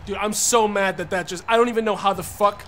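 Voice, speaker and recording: A young man streaming a wrestling game, frustrated and profane, yelling at the referee between muttered plans. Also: sits high, fairly even intonation, fast. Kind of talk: gaming commentary.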